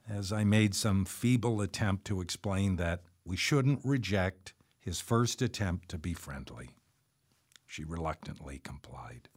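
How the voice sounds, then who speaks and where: A man narrating his memoir in a measured, reflective storytelling manner. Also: fairly low pitch.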